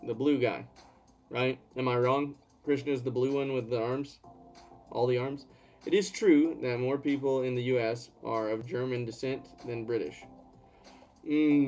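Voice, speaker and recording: A man from Georgia, USA chats casually on a live stream from home, rambling as he reads and answers questions from the chat. His voice is medium-pitched with a darkish tone.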